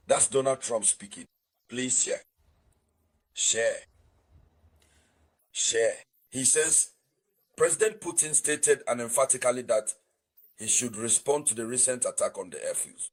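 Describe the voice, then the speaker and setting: A man's voice: mid-range voice, slightly rough, poor audio. A man hosting a political news commentary channel, talking emphatically, repeating his key points and urging viewers to share.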